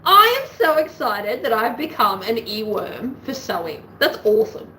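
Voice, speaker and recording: A woman's voice: on the high side, sing-song, moderate pace, bright, forceful tone, a little hiss or hum, low-quality recording. Chatty Australian woman thinking aloud. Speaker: sewing livestream host. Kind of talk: casual livestream chat while sewing. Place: home sewing room.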